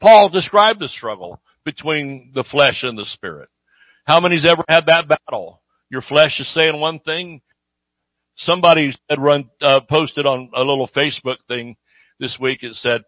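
A man delivers a sermon in a slightly higher voice, talking to his listeners as if in conversation and regularly asking them "Amen?". The recording is close and dry, with a somewhat dull, muffled sound. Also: moderate pace, dry recording. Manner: conversational preaching with call-and-response "Amen?". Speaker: pastor.

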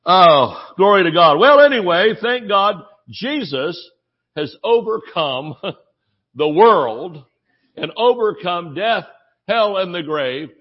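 A man's voice: sits high, slow pace, husky, lo-fi sound. A man with a Southern US accent, preaching a humorous sermon full of stories and laughter. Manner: animated storytelling, laughs often.

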